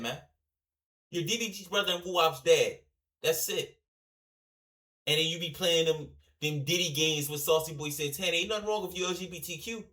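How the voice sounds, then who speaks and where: A man hosting a reaction video, talking casually and rambling in a slangy, animated way, often addressing his viewers directly. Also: high-pitched.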